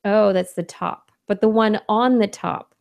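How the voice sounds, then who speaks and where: A woman's voice: mid-range voice, measured pace, gravelly, a little mellow. A woman co-hosting a podcast in casual pre-show banter, emphatic and playfully indignant. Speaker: podcast co-host.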